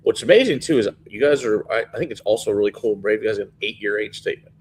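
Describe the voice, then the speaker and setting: A man's voice: on the low side, animated, very fast, husky, poor audio. A man hosting a whisky tasting show, reacting with enthusiasm in casual chat. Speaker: show host.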